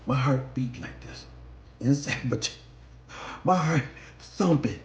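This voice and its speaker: A man casually telling a personal story, acting out scenes with lively sound effects. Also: mid-range voice, takes it slowly, pauses often, reverberant. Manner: animated, acts out scenes.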